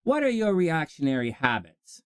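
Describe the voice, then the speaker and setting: A man hosting a rambling self-help monologue, jokey and animated, often laughing and answering his own questions. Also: fairly high pitch, normal speed, smooth, no echo. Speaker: self-help video host.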